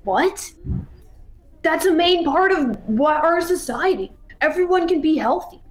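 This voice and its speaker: Woman playing Neo, high and bewildered. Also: animated, unhurried, rough recording. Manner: confused, questioning, chatty. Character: bewildered, eager young male hero just woken.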